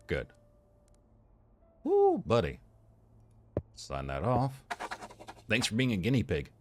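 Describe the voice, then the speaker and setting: A man playing a medical game and commenting as he goes, thinking aloud, reading symptoms off the screen and joking with the characters. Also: low-pitched. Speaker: gameplay commentator. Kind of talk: let's play commentary.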